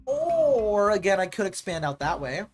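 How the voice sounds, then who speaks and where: Faint music plays behind a gaming streamer speaking at normal speed in a medium-pitched voice. The talk is casual and rambling, animated storytelling sprinkled with lots of "like" fillers.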